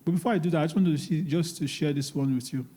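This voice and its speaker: Quick-paced, mellow, and husky, with a fairly high pitch, this man is a guest speaker on investing at a live seminar. He addresses a church hall audience emphatically and pleadingly, repeating key words, amid the long reverb of a large hall.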